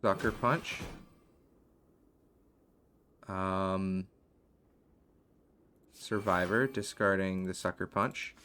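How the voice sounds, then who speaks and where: A man's voice: low voice, steady tone, drawn-out words, pauses often, sharp tone, a little hiss or hum. A man commentating his own card game play, muttering card names and worried asides as he goes. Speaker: gaming video host. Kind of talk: gameplay commentary.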